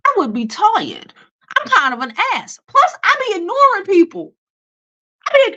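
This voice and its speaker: A woman's voice: very high voice, big pitch swings, normal speed, bright, forceful tone, rough recording. A young woman, hosting a casual celebrity commentary vlog in a blunt, profane, dismissive way with many fillers. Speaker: beauty and celebrity news host.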